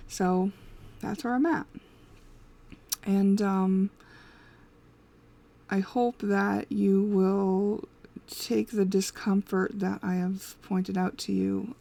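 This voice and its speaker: A woman's voice: medium pitch, creaky, darkish tone. A woman hosting an intuitive reflection reading, giving candid, rambling advice with frequent laughs and fillers. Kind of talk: casual spoken advice.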